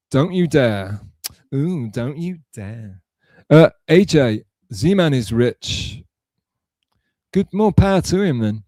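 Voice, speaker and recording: With a warm, medium-pitched voice in a dry recording, a man hosting a live stream reads his chat messages aloud and answers them in a casual, rambling manner.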